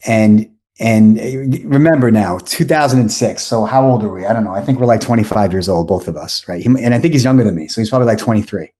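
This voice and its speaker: A man's voice: on the low side, quick pace, hardly any pauses. A man in his forties, a podcast guest, telling a long rambling story and often correcting himself. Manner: rambling, self-correcting, animated anecdotes. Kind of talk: casual storytelling.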